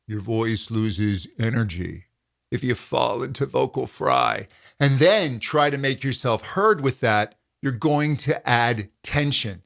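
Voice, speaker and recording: A middle-aged vocal coach with a gravelly voice leads a voice lesson at a measured pace. He calmly explains and demonstrates hums and pitch slides.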